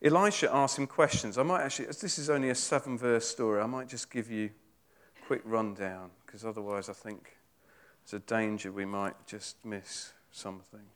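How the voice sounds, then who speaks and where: A man's voice: lowish voice, moderate pace, fairly bright tone. A man preaching a sermon, retelling a Bible story in a chatty, informal way with fillers and asides.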